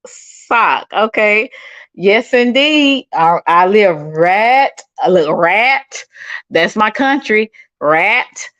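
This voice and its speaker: A woman's voice: medium pitch, lively intonation, slow, fairly bright tone, dry recording, lo-fi sound. A middle-aged woman from Dallas with a Texan accent, chatting sassily with viewers on a livestream. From Dallas, Texas. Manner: sassy and chatty, calls people honey and baby. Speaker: livestream host. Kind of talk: casual chat reading viewer comments.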